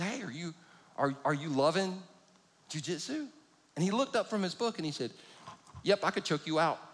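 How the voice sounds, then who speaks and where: A man's voice: fairly high pitch, fairly bright tone, a little hiss or hum. A middle-aged man preaching a sermon, telling stories with self-deprecating humor. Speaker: pastor. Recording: long reverb of a large hall.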